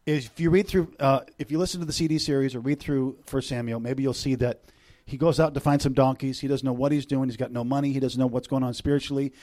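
A middle-aged visiting preacher talks fast with few pauses, his voice at a medium pitch. Before the congregation he's animated, shifting between loud eruptions and quiet, close moments while slipping in jokes.

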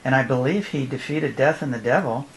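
Man telling an animated family story, noisy recording. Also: mid-range voice, a little fast, creaky. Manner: animated, often laughing, acts out his children's voices. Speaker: former youth pastor speaking at a church event. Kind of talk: personal testimony storytelling.

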